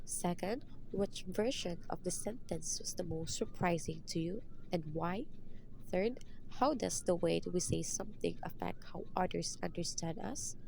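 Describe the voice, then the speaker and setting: Low, gravelly woman reading a lesson plan. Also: normal speed, slight background noise, low-quality recording. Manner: reads steps and numbered questions in an even, listing way. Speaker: student teacher. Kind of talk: reading a prepared lesson presentation.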